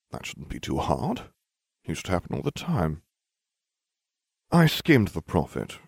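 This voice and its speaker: Deadpan man reading a story. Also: sits low, creaky, no echo, clean studio sound. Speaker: narrator. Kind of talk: reading fan fiction aloud.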